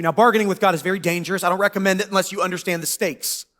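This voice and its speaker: High-voiced man preaching casually. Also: fairly even intonation, fairly bright tone. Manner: casual, joking preacher with quick asides. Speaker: pastor. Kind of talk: sermon. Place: church.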